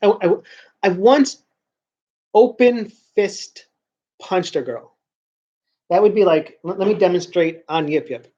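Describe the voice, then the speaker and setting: Guy rambling to his camera, keeps tripping over his words and restarting, kinda muffled low-fi audio. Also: animated, unhurried, pauses often, mellow. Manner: rambling, with frequent restarts and stammered repeats. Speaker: vlogger. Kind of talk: casual rambling monologue.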